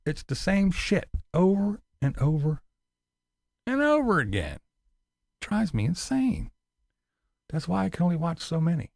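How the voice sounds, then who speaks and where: A man rambles through a casual live stream with a profane, mocking delivery. His voice is gravelly and moves a lot in pitch. The sound is close and dry. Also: very animated, a little slow, pauses often, darkish tone, dry recording.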